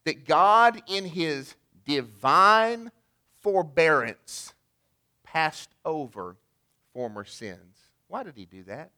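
A man's voice: on the high side, sing-song, slow, pushed and bright. A man preaching a sermon in a conversational way, asking the congregation rhetorical questions. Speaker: pastor.

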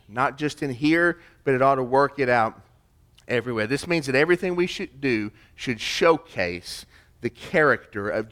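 A man preaching a sermon, emphatic, swinging between loud declarations and hushed, quiet stretches. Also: medium pitch. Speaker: pastor.

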